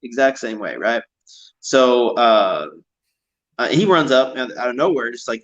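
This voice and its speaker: A man's voice: mid-range voice, expressive, moderate pace, fairly bright tone, lo-fi sound. A man talking in a casual chat, rambling and repeating himself.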